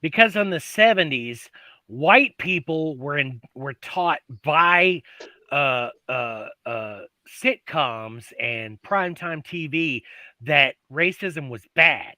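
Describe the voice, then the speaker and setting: Very bright, animated man on a call. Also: on the high side, slow pace, no echo. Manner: quiet, self-deprecating. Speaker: caller joining the panel. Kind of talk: casual online panel chat.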